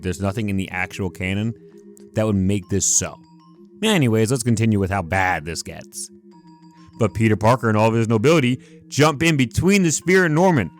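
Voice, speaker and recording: Slangy, opinionated comic reviewer man. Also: fairly high pitch. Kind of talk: casual commentary vlog.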